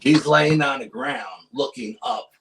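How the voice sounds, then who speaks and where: A man, a paranormal researcher appearing as a guest, telling a story in casual chat with urgent energy and dropping to hushed tones for suspense. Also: medium pitch, unhurried, creaky, slight background noise, poor audio.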